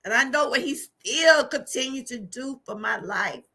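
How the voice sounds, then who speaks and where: Woman, high voice, bright tone, emphatic preacherly testimony. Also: lively intonation, moderate pace, husky. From Georgia, US. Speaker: channel host. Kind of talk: livestream testimony.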